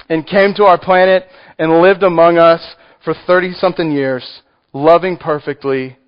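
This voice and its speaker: A man with a Texan accent preaching a sermon, conversational and joking with the congregation. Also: on the high side. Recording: muffled lo-fi recording.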